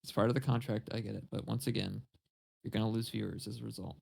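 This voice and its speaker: A man's voice: on the low side, fairly even intonation, fast talker, creaky, a crowd in the background. A man co-hosting a podcast, ranting bluntly and swearing in casual banter. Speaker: podcast co-host.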